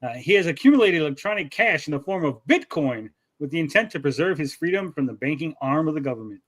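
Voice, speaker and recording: Male host, slightly high pitch. Reads pitch copy aloud, keeps cutting in with crude jokes. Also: animated, quick pace. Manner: reads promo text then breaks into crude joking asides. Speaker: livestream show host. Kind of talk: casual livestream chat, reading a crowdfunding pitch aloud.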